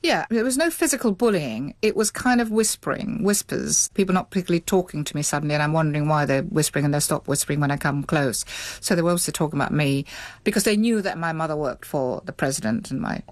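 A woman's voice: low-pitched, expressive, quick pace, no room sound. A middle-aged woman, interviewed, recalling her childhood in a reflective, hesitant way with many restarts. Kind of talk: reflective recollection.

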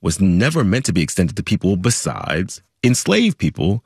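Deep, animated male podcast host. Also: moderate pace, breathy edge, dry recording, studio quality. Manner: animated, chatty, explanatory. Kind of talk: conversational news podcast.

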